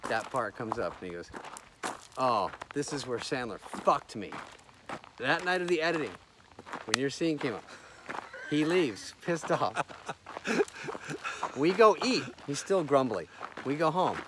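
A man's voice: on the high side, very animated, a little slow, long pauses. A comedian telling a story in casual chat on a hike. He acts out quoted lines and swears often. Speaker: comedian guest. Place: outdoors on a mountain trail. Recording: outdoor background noise.

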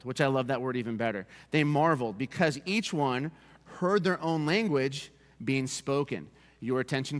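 A man preaching a sermon as pastor, in a lively, conversational style that keeps calling for the congregation's attention. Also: fairly high pitch. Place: church sanctuary. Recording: long reverb of a church hall.

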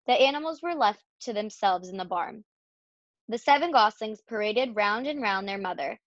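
A woman reading a children's storybook aloud in a steady, expressive way. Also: medium pitch, normal speed, dry recording. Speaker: reader. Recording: dull, dry lo-fi recording.

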